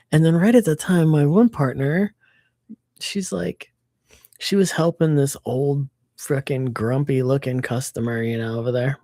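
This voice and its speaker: A woman livestreaming a casual chat, telling an animated story full of swearing. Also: rumbling low, measured pace, no room sound, studio quality. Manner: animated storytelling, swears freely, acts out quotes.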